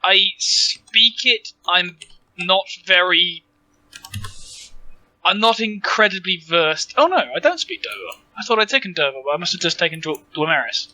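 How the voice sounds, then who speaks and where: A man playing a tabletop game, joking and self-deprecating, with animated asides to the table. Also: high voice, normal speed, rough recording. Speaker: player. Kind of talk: casual tabletop play.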